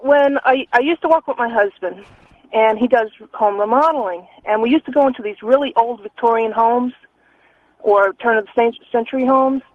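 A woman's voice: on the high side, normal speed, no room sound. A woman from North Carolina calling into a radio show and telling a ghost story in a chatty way. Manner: chatty storyteller, laughs easily. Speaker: caller. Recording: phone line.

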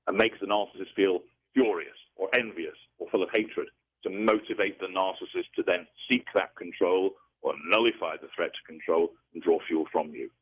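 A man explaining things in a measured, lecturing way during an interview, heard over a tinny phone-like line. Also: sits low, husky. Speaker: interview guest.

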